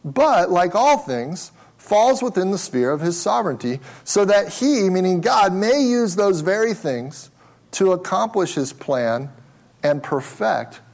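A man's voice: high-pitched, sing-song, a little slow, creaky, darkish tone. A male pastor preaching a sermon with emphasis, asking questions and repeating words as he restarts.

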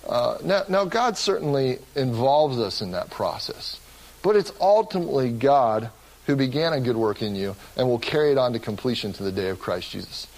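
A man's voice: medium pitch, expressive, moderate pace, darkish tone, low-quality recording. A man preaching a sermon as pastor of his church, earnest and often restarting his words. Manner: earnest, with frequent word repeats and restarts.

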